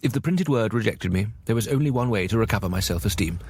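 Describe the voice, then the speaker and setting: A man's voice: lowish voice, lively intonation, quick pace, creaky, darkish tone, husky, no room sound, heavily acted. An actor playing a pompous, fussy male food writer who talks in a self-regarding, flustered manner. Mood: self-pitying. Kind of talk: radio comedy acting and narration.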